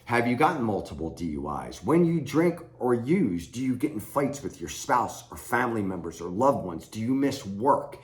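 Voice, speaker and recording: A man's voice: mid-range voice, sing-song, moderate pace, hardly any pauses. A middle-aged man giving blunt, plain-spoken advice straight to camera as a recovery coach. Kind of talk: direct-to-camera advice talk. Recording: echoey room.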